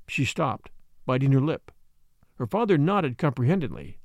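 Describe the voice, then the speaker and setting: A man narrating an audiobook in a measured, expressive storytelling manner. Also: medium pitch, vocal fry, no echo. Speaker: audiobook reader.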